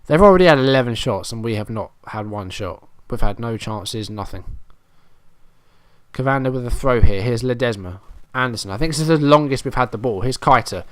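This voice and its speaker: A man's voice: mid-range voice, normal speed, dry recording, studio quality. Exasperated man narrating a football game. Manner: exasperated, self-deprecating, muttering play-by-play. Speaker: gaming commentator. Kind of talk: casual let's-play commentary.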